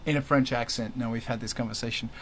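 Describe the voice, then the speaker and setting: A man hosting a casual panel chat, energetic and jokey as he hands questions to guests. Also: mid-range voice, fast, slight background noise. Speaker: host.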